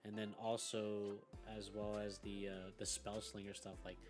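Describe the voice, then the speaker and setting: Young man, low voice, casual rambling chat, swears a lot, laughs often, faint music behind. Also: monotone, normal speed. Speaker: team member on a gaming podcast.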